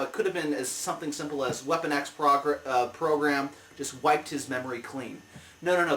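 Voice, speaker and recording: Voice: medium pitch, fairly bright tone, slight background noise. A comic review show host giving a heated, exasperated movie review rant. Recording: roomy, mic at a distance.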